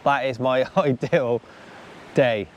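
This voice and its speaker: A man's voice: mid-range voice, takes it slowly, a little hiss or hum. A man hosting a fishing vlog, chatting casually and upbeat as he gives friendly advice outdoors on a beach. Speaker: angler and channel host.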